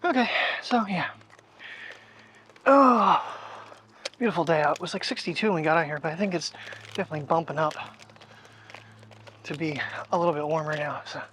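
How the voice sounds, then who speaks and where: A man's voice: on the high side, normal speed, pauses often, a bit bright, a little hiss or hum. Man, casual vlog chat, rambling, thinking aloud, outdoors, clip-on mic. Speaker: daily vlogger. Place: outdoors on a walk. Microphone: wireless clip-on mic.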